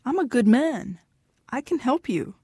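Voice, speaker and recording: A woman's voice: sits high, big pitch swings, a little slow, mellow, slightly rough, no echo, clean studio sound, pitched above the performer's own voice, full character voice. A woman voicing an insistent, possessive husband from Mexico in an audiobook, pleading and turning tearful. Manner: insistent, wheedling, turns tearful. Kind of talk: audiobook dialogue.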